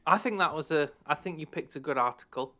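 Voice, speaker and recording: A man's voice: fairly high pitch, quick pace, sharp tone. A man co-hosting a casual podcast chat in a wry, teasing manner. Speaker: podcast co-host.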